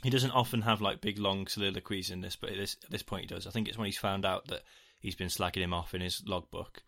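A man's voice: low-pitched, fairly even intonation, quick pace, a bit bright. A man co-hosting a podcast, chatting loosely and irreverently about films, often laughing. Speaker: podcast co-host. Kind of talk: casual film chat.

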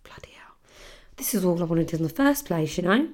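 A woman's voice: lowish voice, expressive, fairly quick, a little mellow. A young woman hosts her podcast alone and tells a story in loose, chatty speech. She swears freely and leans on filler words, with the easy pace of someone talking to friends. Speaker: podcast host. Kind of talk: casual storytelling monologue.

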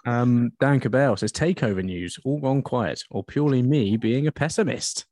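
A man's voice: medium pitch, normal speed, darkish tone, no echo. A man co-hosting a casual football chat, making dry quips and reading out listener questions. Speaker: podcast co-host.

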